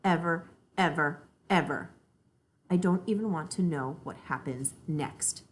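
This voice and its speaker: A woman voicing a bossy older sister who speaks slowly and deliberately to spook her sibling. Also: low-pitched, a little hiss or hum. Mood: exasperated. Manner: slow, deliberate and ominous.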